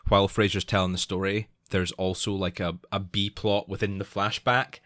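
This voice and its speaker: A man's voice: deep voice, little pitch movement, moderate pace, a bit bright, no echo. Laughing, rambling male podcast host. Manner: rambling, laughs often, many restarts. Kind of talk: casual chat.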